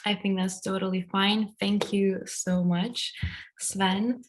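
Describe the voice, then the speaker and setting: A woman with a Lithuanian accent moderating a Q and A over a video call, speaking politely and in a measured way. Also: medium pitch, level tone, slight background noise.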